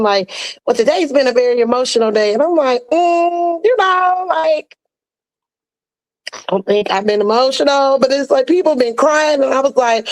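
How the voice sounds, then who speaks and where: A woman co-host speaks in a casual, heartfelt way, slightly high in pitch. She keeps trying to laugh off her emotion. Her stories are peppered with playful quoted lines. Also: rough recording. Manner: emotional, fighting back tears, laughing; playful, chatty with quoted asides. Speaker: podcast co-host.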